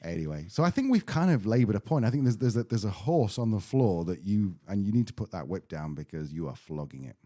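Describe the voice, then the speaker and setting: A man's voice: on the low side, sing-song, fast talker, hardly any pauses, dark tone. A British man co-hosting a podcast in casual chat, joking and self-deprecating. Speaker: podcast co-host.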